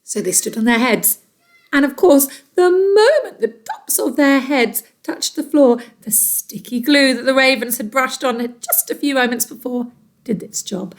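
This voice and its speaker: A teacher reading a storybook aloud to children, expressive and dramatic. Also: female voice, sits high, a little slow.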